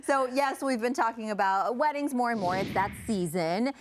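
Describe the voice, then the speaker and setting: A woman's voice: a little high, normal speed, a little hiss or hum. A woman in her thirties co-hosting a morning TV show in a studio, reading light news items and chatting about them. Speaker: TV talk show co-host. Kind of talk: casual morning show chat.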